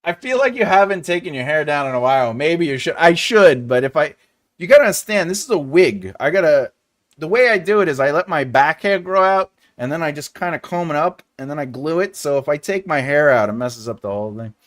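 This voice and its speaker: A man's voice: on the high side, lively intonation, brisk. A man hosting a writing livestream, chatting casually, laughing often and acting out silly voices when retelling scenes. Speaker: writing channel host.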